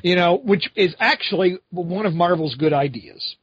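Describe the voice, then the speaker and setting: A middle-aged man co-hosting a casual podcast, talking in animated, exasperated rants. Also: high voice, normal speed, husky, no room sound. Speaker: podcast co-host. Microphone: home podcast microphone. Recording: slightly dull lo-fi audio.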